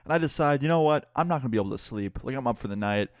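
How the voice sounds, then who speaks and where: A man's voice: mid-range voice, expressive, racing, no echo, clean studio sound. A young man casually retelling a personal story for his channel, candid and cursing freely. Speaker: YouTuber.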